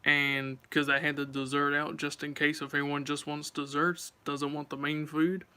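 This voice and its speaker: Man, live-stream chat, chatty and rambling, smooth crisp voice. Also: fairly high pitch, little pitch movement, normal speed, sharp tone. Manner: rambling, chatty, talks straight to viewers.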